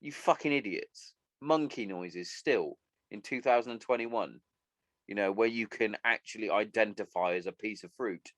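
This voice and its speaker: A man's voice: lowish voice, moderate pace, a bit bright, no echo. A man hosting a solo podcast, ranting bluntly and swearing a lot. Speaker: podcast host.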